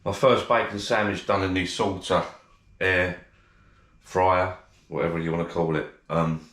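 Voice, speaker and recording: A man's voice: deep voice, steady tone, unhurried, a bit bright. A man chatting casually in a cooking vlog, joking and talking while he eats. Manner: chatty, jokey, talks while eating. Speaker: vlogger. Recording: echoey room.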